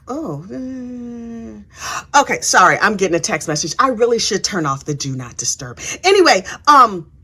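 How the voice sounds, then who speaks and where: A woman's voice: fairly high pitch, pushed and bright, breathy edge. A woman giving a sassy, chatty, casual recap of a trial, acting out the people she quotes. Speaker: true crime commentator. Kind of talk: casual true crime recap.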